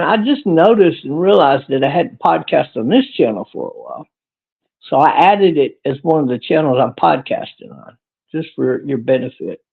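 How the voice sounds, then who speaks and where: Gravelly, rambling livestream man. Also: on the high side. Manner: crude, rambling, chuckling. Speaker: livestream podcast host. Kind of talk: rambling livestream chat answering viewers. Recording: tinny phone-like audio.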